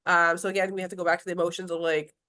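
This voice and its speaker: A woman's voice: lowish voice, little pitch movement, very fast, bright, forceful tone. A woman who works as a grief specialist, talking casually in an interview with many restarts, fillers and laughs.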